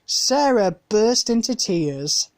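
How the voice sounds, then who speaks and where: A woman's voice: medium pitch, sing-song, slow pace. A woman reading a children's picture book aloud, carefully and with small slips. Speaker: storybook reader.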